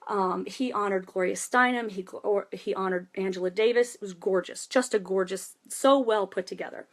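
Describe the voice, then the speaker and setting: A woman's voice: medium pitch, normal speed. A woman giving a passionate, rambling political monologue in a vlog. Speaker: vlogger and protester.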